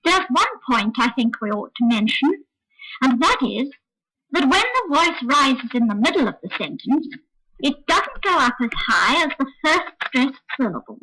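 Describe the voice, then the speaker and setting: A woman co-presenting an English intonation lesson, modelling sentences clearly and deliberately. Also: high-pitched, sing-song, sharp tone, poor audio. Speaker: co-presenter demonstrating examples. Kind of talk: scripted spoken lesson. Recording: old lesson recording.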